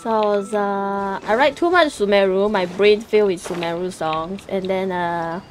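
A woman's voice: medium pitch, normal speed, faint music behind. A young woman streaming a game, chatting casually in a playful, giggly way with squeals and silly sound effects.

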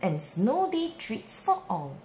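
A woman reads a bedtime picture book to small children, slow and unhurried. Her high voice swoops up and down with a very lively melody, and every line is gently stressed. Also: noisy background. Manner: slow, sing-song and expressive. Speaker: storybook reader. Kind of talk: children's bedtime read-aloud.

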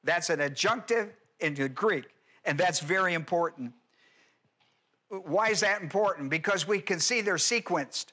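Male pastor, bright and forceful tone, emphatic teaching sermon heavy on grammar explanations. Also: sits high, measured pace. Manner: emphatic, rhetorical questions, explains Greek grammar. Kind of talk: expository Bible teaching sermon.

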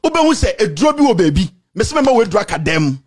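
A man with a Ghanaian accent delivering an angry, insulting rant to the camera, repeating himself and shouting. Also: high-pitched, very animated, fast. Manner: shouting, insulting, repetitive tirade. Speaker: political commentator.

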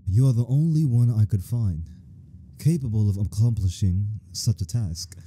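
A man voicing an ancient male god creature who speaks slowly and formally in a British-sounding way. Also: fairly low pitch, lively intonation, dark tone, a little hiss or hum, close to an everyday voice. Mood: solemn.

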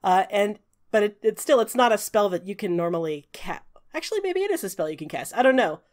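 A woman's voice: mid-range voice, very animated, a little fast. A woman narrating a tabletop game as game master, chatty, with many fillers and restarts. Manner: chatty, frequent "uh" fillers, restarts mid-sentence.

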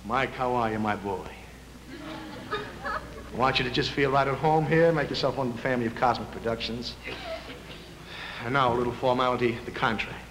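An actor playing a pompous, smooth-talking male movie studio boss in a live 1949 television sketch, mumbling through legal jargon. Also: normal speed, pauses often, natural voice. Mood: oily. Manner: low, oily, slurred legal mumbling. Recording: hissy echoey early TV kinescope.

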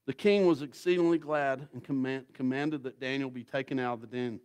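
A man preaching a sermon as guest pastor, telling the story in a folksy, dramatic way that swings from loud to hushed. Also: mid-range voice, steady tone, a little fast, smooth.

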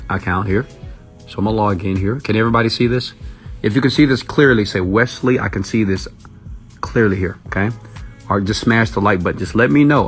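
A man walking viewers through a website on screen, pushing and hyped, checking in with "okay?" after almost every point. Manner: pitch jumps up sharply when excited. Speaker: online marketing mentor. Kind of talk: screen-share tutorial, live-stream style.

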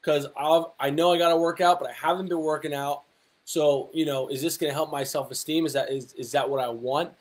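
A man's voice: on the high side, fairly even intonation, brisk. A young adult man, a fitness coach, giving casual motivational advice with lots of rhetorical questions and fillers. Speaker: fitness coach and personal trainer. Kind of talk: casual motivational talk to camera.

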